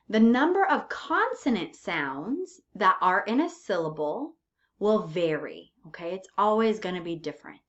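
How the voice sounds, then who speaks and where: Slow patient woman teaching pronunciation. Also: mid-range voice, fairly bright tone, muffled recording. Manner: patient, tags points with "okay?" and "right?". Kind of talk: English pronunciation lesson.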